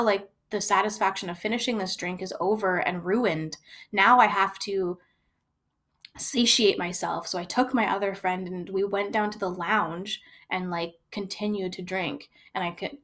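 A young woman talks through a personal story, candid and reflective. She circles back, restarts phrases and leans on fillers as she thinks aloud. Her pitch sits in an ordinary middle range. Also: fairly bright tone. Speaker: storyteller sharing personal experience.

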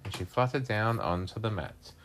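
A woman reading picture books aloud to her young child at home in a playful, animated way. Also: very deep voice, moderate pace, slight background noise.

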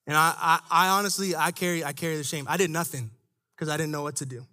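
Speaking fast, a young man from a church staff preaches a conversational, energetic sermon. He drops low for side remarks and climbs higher when he wants emphasis.

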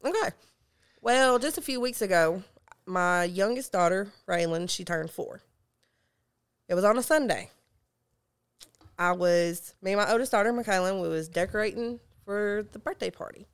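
A woman, telling funny stories as a guest in a casual chat, growing animated as she retells them. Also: normal speed, long pauses, clear, resonant tone. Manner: animated, rises high when retelling her own shouting.

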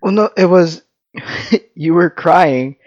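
A man chatting casually with his wife on a vlog, laughing often as he tells an animated story. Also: fairly high pitch, takes it slowly, dry recording, muffled recording. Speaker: vlogger, husband. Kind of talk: casual couple chat.

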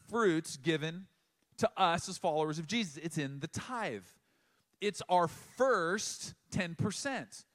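Middle-aged male pastor, higher-pitched voice; conversational sermon, emphatic pauses. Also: fairly bright tone.

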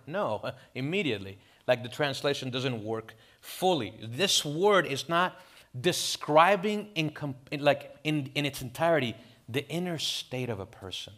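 A man preaching a sermon in a lively, animated way, with rhetorical questions and casual asides. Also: medium pitch, measured pace. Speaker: pastor. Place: church in Miami.

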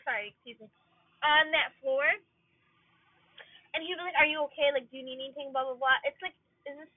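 A woman's voice: high-pitched, dry recording. A woman in her twenties venting to viewers in an emotional rant from her car, close to tears at times. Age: 20s. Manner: venting, upset, talks in bursts with many "like"s. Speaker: vlogger. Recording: tinny phone-like sound.

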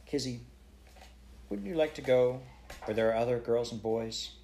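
A man voicing a large, kindly woman magistrate who speaks in a soft, coaxing way. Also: fairly low pitch, animated, a little fast, slight background noise, close to an everyday voice.

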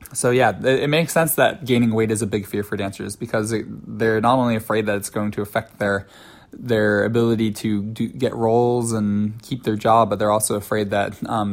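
Chatty male podcast host. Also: mid-range voice. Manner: chatty, frequent ums, laughs at himself. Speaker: podcast host and ballet dancer. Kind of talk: solo podcast monologue.

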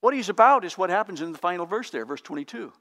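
A pastor preaching a sermon in an earnest, emphatic, teacherly way. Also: male voice, high voice, lively intonation, quick pace, a bit bright.

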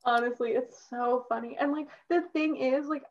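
A young woman co-hosting a podcast, chatting excitedly as a fan, laughing and filling her talk with "like". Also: sits high, moderate pace. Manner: excitable, laughing, heavy use of "like". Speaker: podcast co-host. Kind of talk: casual fan chat. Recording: dull lo-fi sound.

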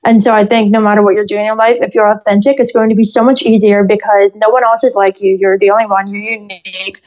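Earnest young female guest, medium pitch, slightly dull lo-fi recording. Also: little pitch movement, fast, darkish tone. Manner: earnest, flowing. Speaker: guest, singer-songwriter. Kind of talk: interview answer.

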